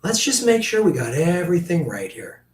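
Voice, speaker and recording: Male political streamer, higher-pitched, blunt and profane, roomy and slightly distant sound. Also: very animated, normal speed. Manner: blunt, profane, talks directly to chat viewers. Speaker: political livestream host. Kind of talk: livestream commentary.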